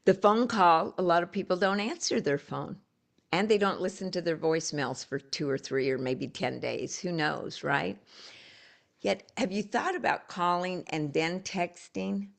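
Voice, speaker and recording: A woman's voice: lowish voice, measured pace, creaky. A woman hosting a live coaching call over a video call, telling stories and encouraging her listeners in a conversational way with frequent restarts.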